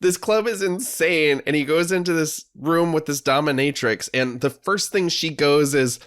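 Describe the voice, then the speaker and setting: A man's voice: a little high, moderate pace, fairly bright tone. A man co-hosting a podcast, talking casually and wryly about a bad movie, often restarting his sentences. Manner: wry, rambling, with fillers and restarts. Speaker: podcast co-host. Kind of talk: casual movie-review chat.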